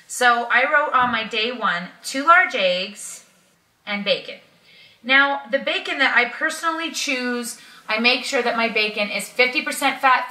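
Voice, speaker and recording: A woman talks her viewers through a plan in a relaxed, chatty way, pausing often with ums. Her voice sits a little high and sounds bright. She is a bit back from the mic in an echoey room. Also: far from the mic. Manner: chatty, friendly, frequent ums. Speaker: keto vlogger. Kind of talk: casual instructional talk.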